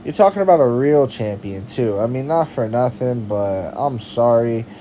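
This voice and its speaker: A man's voice: mid-range voice, lively intonation, normal speed, mellow, a little hiss or hum, poor audio. A man giving casual, argumentative opinion commentary on combat sports, full of slang and rhetorical questions. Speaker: MMA commentary host.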